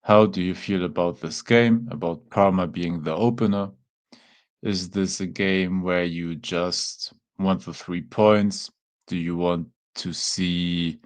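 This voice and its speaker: A man with a German accent, a native German speaker, hosting a casual live watchalong and chatting to viewers with easygoing fillers. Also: sits low. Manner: relaxed, chatty, talks to chat with fillers like "man". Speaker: watchalong host. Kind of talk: casual live-stream chat.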